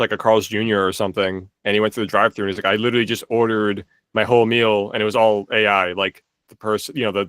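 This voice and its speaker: A young man talks loosely on a podcast, piling up filler words and restarting his sentences. His lowish voice has a bright, forceful edge. The recording is dry and close, with no room sound. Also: dry recording. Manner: rambling, many "like" fillers and restarts. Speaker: podcast co-host. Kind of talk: casual chat.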